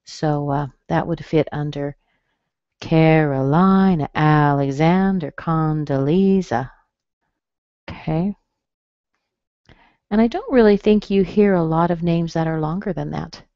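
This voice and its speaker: In a low-pitched voice, a woman takes her time and pauses often as she sounds out the syllables of names for a pronunciation webinar, patient throughout. The lesson comes through a computer mic. The audio is dry and slightly dull, without echo.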